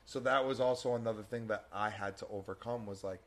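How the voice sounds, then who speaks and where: A man's voice: on the low side, fairly even intonation, fast talker, slight background noise. A young man co-hosting a casual talk show, speaking emphatically and often tagging his points with "right?". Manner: emphatic, repeats points and tags lines with "right?". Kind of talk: casual chat.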